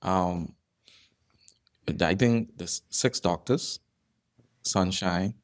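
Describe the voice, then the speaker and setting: A man's voice: low-pitched, drawn-out words. A man, a holistic health doctor, talking as a podcast guest and explaining health through stories, often repeating phrases for emphasis. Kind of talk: casual podcast conversation.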